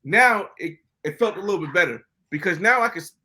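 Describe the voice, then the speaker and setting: An American man, a podcast guest, telling travel stories in a casual, animated way, often acting out other people's lines. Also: high-pitched, fairly quick. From United States. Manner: animated, acts out quoted dialogue. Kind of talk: casual storytelling interview.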